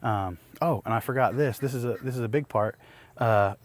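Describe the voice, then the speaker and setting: A man's voice: mid-range voice, moderate pace. Rambling, exasperated homesteading vlogger man. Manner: rambling, restarts, exasperated retelling with laughs. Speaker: homesteading YouTuber. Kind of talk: casual to-camera storytelling.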